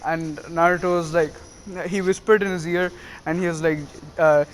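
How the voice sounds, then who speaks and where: A man's voice: on the high side, fairly even intonation, normal speed, a little hiss or hum. A young man casually retelling a fan story, rambling with lots of fillers and little laughs.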